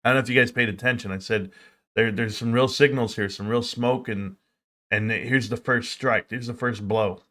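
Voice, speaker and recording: A man's voice: medium pitch, moderate pace. A man hosting a market livestream, talking casually and joking, sometimes acting out other people in a raised voice. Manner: animated, acts out quoted people in a raised voice; joking, conversational with fillers. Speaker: stock market livestream host.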